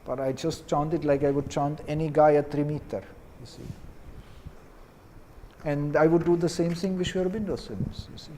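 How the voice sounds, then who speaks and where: A man teaching Vedic chanting who explains gently and drops in many "you see" asides. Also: on the high side, moderate pace, slight background noise.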